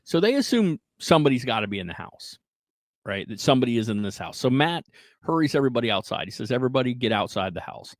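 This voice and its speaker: A man hosting a podcast, casually retelling a strange story in an animated way, often checking in with "right?" and "like". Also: medium pitch, quick pace, dry recording, low-quality recording. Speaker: podcast host.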